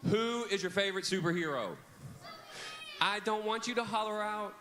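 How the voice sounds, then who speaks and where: A man's voice: high-pitched, moderate pace, bright, forceful tone. A man preaching a children's camp sermon in a church hall, leading kids in call-and-response on a handheld mic. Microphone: handheld microphone.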